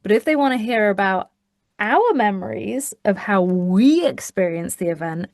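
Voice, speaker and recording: A woman co-hosting a casual podcast, talking at a middle pitch in a brisk, teasing way. She keeps pulling the chat back to the point. The sound is dry and close, with no room around it. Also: lively intonation, a little mellow, no room sound. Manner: brisk, teasing, steers the talk back on track. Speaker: podcast co-host.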